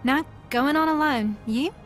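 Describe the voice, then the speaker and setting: An actress voicing a wry, sarcastic female reality-TV contestant from New Zealand in a mystery video game, with a dry, teasing, deadpan delivery. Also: high voice, unhurried, faint music behind.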